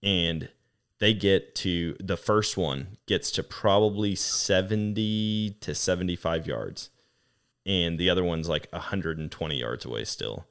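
A man hosting a podcast, telling a hunting story in casual chat, animated and laughing as he acts out what people said. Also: sits low, measured pace. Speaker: podcast host.

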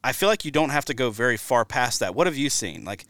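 A man hosting a casual hunting podcast, chatty and telling stories with lively asides. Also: medium pitch, fast talker, dry recording. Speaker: podcast host.

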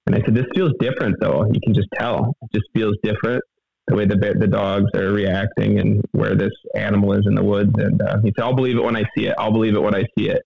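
A middle-aged man telling a story in a casual interview, halting, rambling and earnest, heard over a phone line. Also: lowish voice, flat delivery, gravelly, no room sound. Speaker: guest telling a hunting story.

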